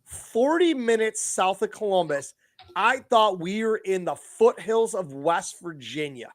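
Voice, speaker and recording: A man co-hosting a podcast, talking casually with animated, profane bursts of emphasis. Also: high voice, unhurried. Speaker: podcast co-host.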